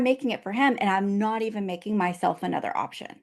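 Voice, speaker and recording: A woman hosting a podcast, her voice in a middle range. She tells personal stories in a lively, chatty way and often jumps in with quick, encouraging agreement. Her delivery is casual and conversational. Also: mid-range voice. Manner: lively personal storytelling, frequent agreeing interjections. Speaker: podcast host.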